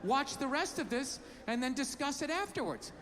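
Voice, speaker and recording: A man voicing an exasperated wife arguing with her husband, sharp and insistent. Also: high-pitched, sing-song, normal speed, in a large hall, background noise.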